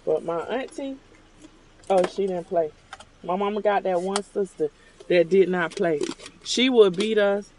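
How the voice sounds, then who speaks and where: A man's voice: sits high, unhurried, pauses often, a little hiss or hum. A middle-aged man hosting a show, telling a rambling, conversational story from his car at a drive-thru. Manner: rambling, conversational, acts out remembered dialogue. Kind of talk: casual storytelling while ordering at a drive-thru.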